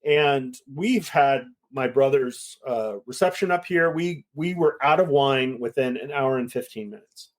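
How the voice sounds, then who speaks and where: A middle-aged man, a winemaker, chatting casually and telling a lively story, acting out the voices of the people in it. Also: medium pitch, measured pace, few pauses. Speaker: winemaker guest. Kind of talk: casual chat.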